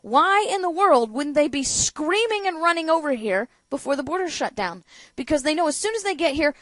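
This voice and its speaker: A woman's voice: high voice, animated, brisk, few pauses, a bit bright, no room sound. A woman hosting a political talk show, giving opinionated commentary with sarcasm, rhetorical questions and emphatic outbursts. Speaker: radio talk show host.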